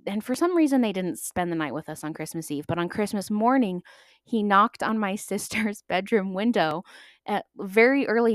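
A young adult woman hosting a podcast, telling stories in a chatty, animated way and acting out the voices of people she quotes. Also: mid-range voice, normal speed, no echo, studio quality. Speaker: podcast host. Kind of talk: casual storytelling monologue.

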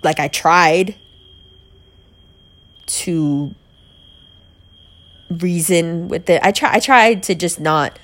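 A woman with a somewhat low-pitched voice tells a personal story in a candid, conversational way. She fills her talk with "like" and acts out what she said back then. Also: very slow, pauses often, fairly bright tone. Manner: chatty, peppered with "like", quoting herself.

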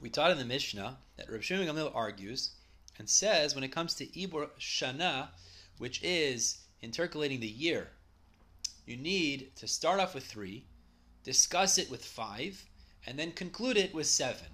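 A man's voice: medium pitch, animated, moderate pace, bright, forceful tone. A man giving a Talmud study lecture, reading Aramaic phrases and translating each into plain English. He explains step by step in a conversational way and corrects himself as he goes. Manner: conversational, with small self-corrections. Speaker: Talmud teacher.

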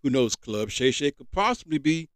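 A man's voice: medium pitch, big pitch swings, moderate pace, dry recording. A man hosting a sports podcast, reading sports news and adding casual asides of his own. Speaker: podcast host.

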